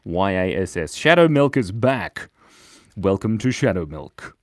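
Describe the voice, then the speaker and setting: Man, livestream drawing host, playful, lively swooping pitch, dry close sound. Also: a little slow, no echo. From Australia. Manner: playful, jumps between loud bursts and mumbled asides. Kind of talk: casual live-stream chat reading comments. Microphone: mic set in a beard.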